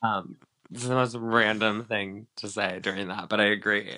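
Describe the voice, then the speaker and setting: A man co-hosting a casual podcast chat about reality TV, talking in a loose, animated way with lots of fillers and acted-out quotes. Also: on the low side, normal speed. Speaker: podcast co-host.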